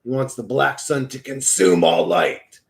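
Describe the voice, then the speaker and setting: A man hosting a casual livestream, rambling and joking with a lot of swearing, swinging between low mumbles and loud bursts. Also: animated, a little slow, vocal fry. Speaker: livestream host reading chat.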